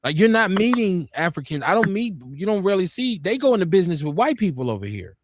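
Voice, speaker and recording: A man's voice: sits high, sing-song, quick pace, dry recording, clean studio sound. A man hosting a live talk show, arguing his points earnestly and repeating himself to drive them home. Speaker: host.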